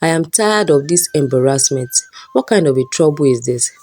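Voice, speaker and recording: A woman's voice: low-pitched, expressive, moderate pace, dark tone. A woman voicing a young female student who talks in a pleading, indignant way in a storybook reading. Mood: distressed.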